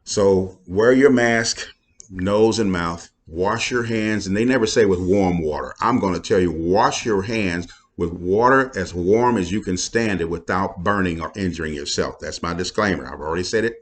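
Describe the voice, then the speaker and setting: Deep-voiced folksy pastor. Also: male voice, normal speed. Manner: folksy, preachy, playful asides. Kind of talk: casual talk to viewers.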